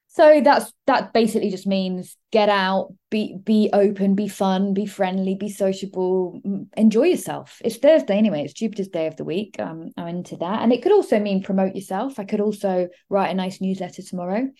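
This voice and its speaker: A woman hosting an astrology podcast, talking fast in a rambling, digressive way with frequent asides. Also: medium pitch, dark tone. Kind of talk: casual solo podcast monologue.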